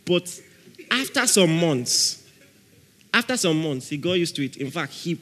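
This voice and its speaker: A man preaching a sermon as pastor, animated, laughing often and shouting out dramatic prayer examples. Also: on the high side, a little slow. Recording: long reverb of a large hall.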